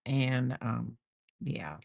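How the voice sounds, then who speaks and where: She's a middle-aged woman on a crochet channel, casually replying to viewers as she crochets and wandering off mid-thought. Her very deep, creaky, slightly mellow voice moves very slowly but with lively intonation, and there's no echo.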